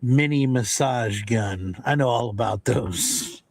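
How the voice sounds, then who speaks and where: A man's voice: mid-range voice, slow pace, creaky, no room sound. A man on a casual chat panel who teases and jokes. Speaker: panel guest.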